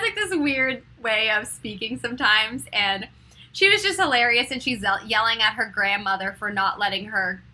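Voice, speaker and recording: Bright, breathy young woman hosting a meditation stream. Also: medium pitch, poor audio. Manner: chatty and giggly, many fillers; soft and slow when guiding meditation. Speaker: host of a live-stream meditation show. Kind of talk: casual chat, then guided meditation.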